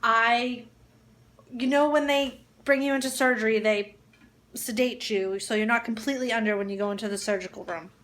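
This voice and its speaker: A woman's voice: fairly high pitch, steady tone, moderate pace, a bit bright, reverberant. A woman chatting casually in a home kitchen, telling stories and laughing as she goes. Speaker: vlogger. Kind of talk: casual chat.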